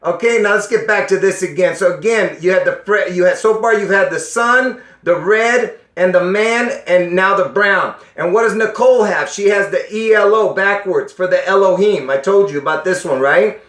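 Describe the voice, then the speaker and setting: Few pauses break up this man's casual talk to his viewers, delivered at a moderate pace in a high-pitched, fairly bright voice. He's insistent, frequently asking if they get it, and his strained voice is punctuated by coughs; the room echoes.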